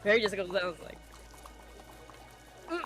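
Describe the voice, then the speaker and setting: A woman playing a tabletop game, giggly and animated. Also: medium pitch, moderate pace, faint music behind. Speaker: player.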